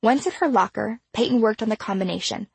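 Casting note: female audiobook narrator, measured and expressive, slightly husky, dry booth sound. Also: fairly high pitch, no echo.

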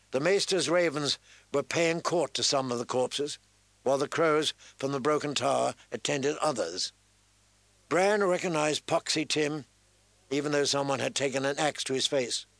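A man narrates an audiobook from a script, telling the story in a measured, even way. His voice is on the high side, and the recording is dry.

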